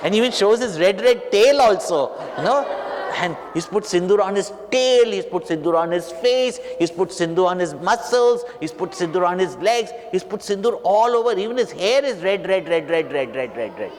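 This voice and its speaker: A man, a spiritual teacher, telling a story to children in an animated way and questioning them. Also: sits high, moderate pace. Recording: reverberant hall, faint noise.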